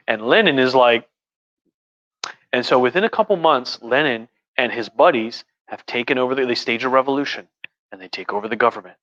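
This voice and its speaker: A tipsy man hosting a livestream, telling history in a rambling, profane, animated way. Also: medium pitch, brisk, dry recording. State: tipsy from wine. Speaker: host. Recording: lo-fi livestream audio.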